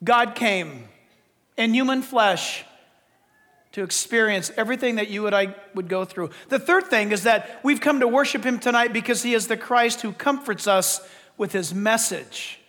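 Male pastor, very high voice, impassioned sermon delivery, long church reverb. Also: moderate pace, a bit bright. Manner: preaching with rising, impassioned emphasis. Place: church sanctuary.

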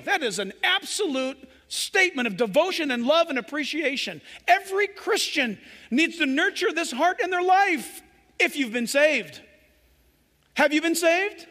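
A man's voice: very high-pitched, animated, normal speed, bright, forceful tone. A man preaching a sermon with passion, acting out the voices of people in his story. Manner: impassioned preaching, acts out quoted voices. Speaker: pastor. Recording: echoey hall reverb.

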